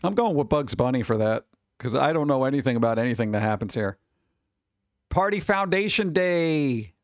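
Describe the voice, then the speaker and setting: A man's voice: mid-range voice, quick pace, a little mellow, no room sound, dull audio. A man streaming live, reading holidays aloud and cracking jokes in a casual, playful way. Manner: joking, playful, riffing.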